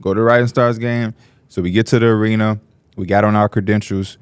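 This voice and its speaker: A man co-hosting a podcast, telling stories in an animated way and acting out the voices of people in them. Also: fairly low pitch, a little fast, clear, resonant tone, no echo. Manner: animated, laughing, acts out voices in his stories. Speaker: podcast co-host. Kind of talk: casual storytelling among friends.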